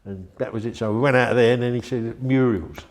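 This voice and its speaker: A man's voice: mid-range voice, fairly even intonation, fast talker. An older man, telling a rambling, chatty story in an interview and acting out the voices of the people in it. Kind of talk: anecdotal storytelling.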